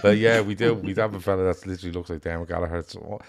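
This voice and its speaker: A man with an Irish accent co-hosting a casual football chat, blunt and sweary in an animated rant. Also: deep voice, racing, gravelly. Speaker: podcast co-host.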